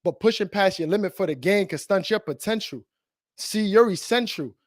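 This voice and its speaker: A man's voice: high voice, expressive, moderate pace, no room sound, clean studio sound. A man performing a rhyming spoken word poem at a virtual open mic, with a rhythmic delivery. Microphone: video call.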